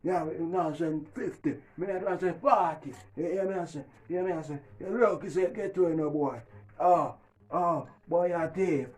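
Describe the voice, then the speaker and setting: A man with a Jamaican accent playing a rowdy character in a comedy sketch, loud and rough-spoken, with music playing. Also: on the high side, moderate pace. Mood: boasting.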